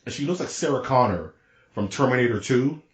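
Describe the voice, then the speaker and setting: A man co-hosting a podcast in casual chat, talking in an excitable, rambling, slangy way. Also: medium pitch, a little fast, reverberant. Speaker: podcast co-host.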